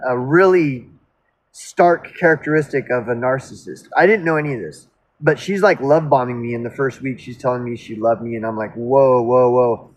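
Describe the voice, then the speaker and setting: In a low-quality recording, a mid-range male voice recounts a past relationship as a personal story. He delivers it as a casual, rambling monologue, cutting himself off often and speaking bluntly and outspokenly.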